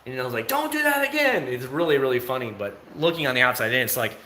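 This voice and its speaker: A man's voice: racing, a little hiss or hum. Chatty man streaming from a roomy home. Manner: rambling, chatty, with sudden loud, high bursts. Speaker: livestreamer. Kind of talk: casual livestream chat. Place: at home, indoors. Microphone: phone.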